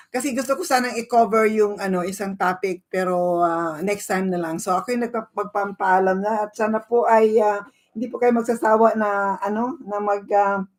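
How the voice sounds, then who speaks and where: A woman in her sixties with a Filipino accent, hosting a casual livestream and greeting viewers by name while switching between English and Tagalog. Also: medium pitch. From Philippines. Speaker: livestream host.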